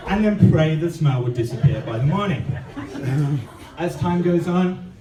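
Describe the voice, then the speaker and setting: A man's voice: on the high side, expressive, measured pace, pauses often, warm tone, distant mic, faint music behind. A man from England with an English accent doing a dry, self-deprecating stand-up comedy set on a club stage. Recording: echoey club from afar, audience laughter.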